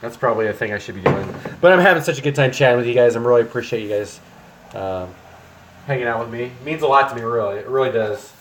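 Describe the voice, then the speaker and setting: A man's voice: mid-range voice, fast talker, a little hiss or hum. A young man chatting casually to viewers while cooking in his home kitchen on a livestream, rambling with plenty of ums. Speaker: streamer.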